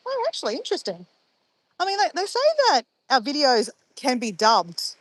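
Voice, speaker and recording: Bubbly aussie woman live chatting with viewers, high voice, dry sound. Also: wildly swooping pitch, normal speed, no room sound. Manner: bubbly, laughing, dreamy and playful. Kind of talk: casual live chat.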